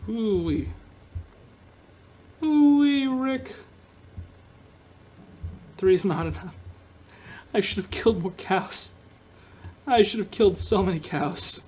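Goofy high-voiced man playing a game. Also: normal speed, long pauses, breathy edge. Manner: goofy, rambling, talks to himself and viewers. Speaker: gaming video host. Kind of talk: solo gameplay commentary.

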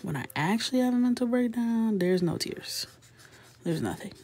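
This coloring livestream host is a woman in her thirties with a slightly high voice and lively intonation, speaking at a moderate pace. She chats and laughs casually with her viewers, keeping things soft-spoken and frequently slipping into a whisper.

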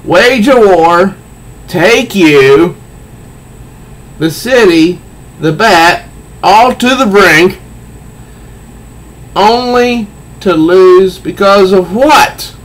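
A man voicing a frantic, humiliated male supervillain who exclaims in drawn-out outrage. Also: high-pitched, expressive, a bit bright, voice pushed up, heavily acted, low-quality recording. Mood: anguished.

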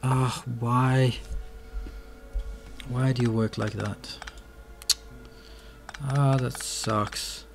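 A man's voice: mid-range voice, steady tone, very slow, gravelly, pauses often, a little hiss or hum. A man commenting on his own gameplay, muttering to himself and swearing when things go wrong. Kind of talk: let's play commentary. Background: keyboard and mouse clicks.

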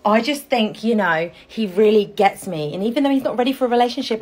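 A woman's voice: a little high, animated, fast. A woman in a casual social video, mock-earnest with crude humor.

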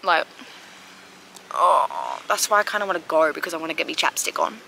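A woman's voice: deep voice, wildly swooping pitch, brisk, creaky, bright, forceful tone, slight background noise, low-quality recording. An Australian woman vlogging outdoors by a harbour, gushing and rambling with lots of "like" fillers. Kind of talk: casual outdoor vlog.

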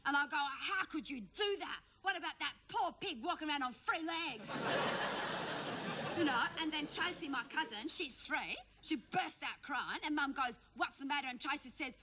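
A woman's voice: high-pitched, animated, normal speed, bright, forceful tone. A woman playing a bratty, melodramatic teenage schoolgirl with an Australian accent, complaining in a whiny sketch-comedy monologue. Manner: whiny, complaining, peppered with "you know".

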